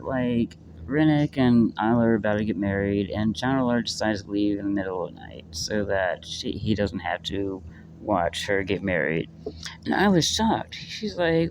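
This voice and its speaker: Casual male book reviewer, mid-pitched, rambling and profane, noisy home recording. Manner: rambling, filler-heavy, swears freely, gets worked up.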